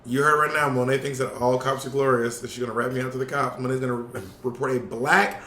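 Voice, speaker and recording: A man co-hosting a podcast, chatting casually and excitedly, often exclaiming. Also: mid-range voice, fast, roomy sound. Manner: animated, exclaiming, breaking into laughter. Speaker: podcast co-host. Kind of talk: casual comedic chat.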